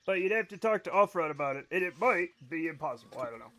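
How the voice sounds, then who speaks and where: High-voiced tipsy man chatting with viewers. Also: lively intonation, fast, hardly any pauses, sharp tone. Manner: blunt, profane, opinionated. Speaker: streamer. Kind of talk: casual chat with stream viewers.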